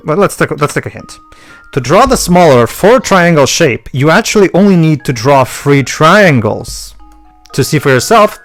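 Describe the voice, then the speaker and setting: A man hosting a game let's play. He reads puzzles aloud and often restarts and stammers. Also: a little high. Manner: halting, lots of restarts and stammers. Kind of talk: game commentary.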